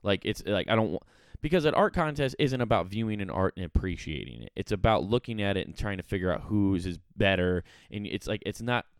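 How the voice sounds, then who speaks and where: Young man, podcast co-host, low voice, profane casual rant, dry close mic. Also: fairly quick, clear, resonant tone, dry recording. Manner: profane, animated ranting with many "like" fillers. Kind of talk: casual chat. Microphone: studio mic.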